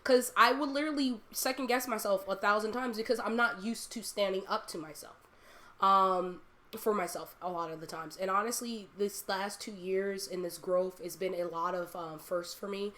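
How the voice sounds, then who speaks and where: A woman talking casually and candidly as a live streamer, telling animated personal stories and laughing often. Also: mid-range voice, moderate pace. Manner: candid and confiding.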